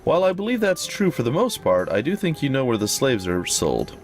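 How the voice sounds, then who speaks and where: A man's voice: mid-range voice, wildly swooping pitch, brisk, soft background music. A man voicing a young female sword-fighting heroine who talks in a dry, sardonic way.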